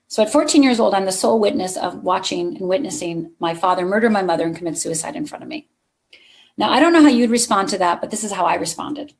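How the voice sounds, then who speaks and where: A middle-aged woman giving a motivational keynote to a live conference audience, telling a personal story and speaking straight to the crowd. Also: on the low side.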